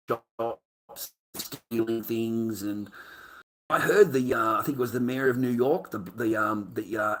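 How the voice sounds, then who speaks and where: An Australian man rambling through an anecdote, swearing freely and calling the listener "mate" often. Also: fairly low pitch. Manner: profane, excitable storyteller who says "mate" a lot. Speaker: vlogger.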